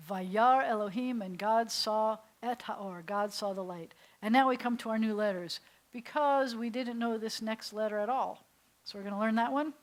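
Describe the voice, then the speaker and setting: A woman's voice: on the high side, moderate pace. A woman rabbi teaching a beginners' class, who explains things playfully and leads the group in repeat-after-me drills. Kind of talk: classroom lesson. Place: synagogue classroom.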